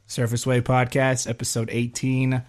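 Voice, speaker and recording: A man's voice: mid-range voice, monotone, moderate pace. A young man hosting a casual podcast, talking in a laid-back, slangy way and swearing casually. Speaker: podcast host. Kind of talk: casual chat.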